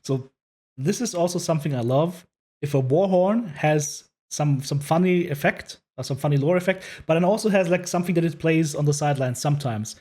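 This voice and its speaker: A man's voice: on the high side, fairly quick, a little mellow. A man hosting a casual commentary over a video, chatty and prone to repeating himself. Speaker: host reacting to a video.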